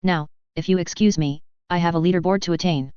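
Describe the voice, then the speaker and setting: A prim, well-spoken hamster lady in a storybook, formal and unhurried, as a woman narrator reads her. The voice is smooth and lowish, with a dry, close sound. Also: darkish tone, no echo, lo-fi sound, lightly acted. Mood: poised. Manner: posh, formal phrasing. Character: posh, polite female hamster seamstress.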